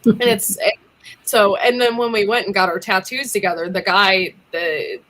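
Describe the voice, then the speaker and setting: A chatty woman hosting a casual livestream, giggling often and leaning on ums between thoughts. Her voice is bright and forward, sitting in an ordinary middle pitch. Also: normal speed. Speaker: livestream co-host.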